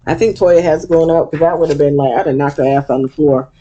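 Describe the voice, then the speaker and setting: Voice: mid-range voice, fairly even intonation, fast, dark tone, lo-fi sound. A vlog host giving a blunt, profane, gossipy recap of a reality TV episode.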